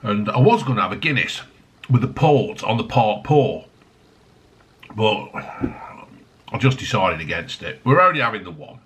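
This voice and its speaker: A man's voice: lowish voice, lively intonation, normal speed, long pauses, fairly bright tone, slight background noise. A middle-aged man, rambling and swearing at his desk while reviewing drinks. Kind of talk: casual review vlog. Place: home desk.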